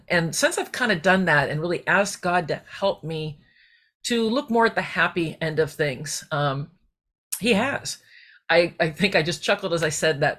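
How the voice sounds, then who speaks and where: A woman's voice: low voice, a bit bright. A middle-aged woman hosting a faith-based personal podcast, talking in a heartfelt, rambling way that wanders off on tangents. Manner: rambling, heartfelt, digressive, with restarts. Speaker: podcast host.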